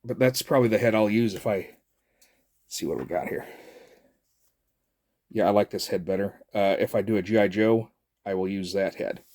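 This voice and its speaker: A man's voice: on the low side, moderate pace, long pauses, darkish tone. A middle-aged man, chatting casually and jokily as a toy reviewer, rambling with lots of fillers. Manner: rambling and jokey, with many fillers. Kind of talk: casual chat.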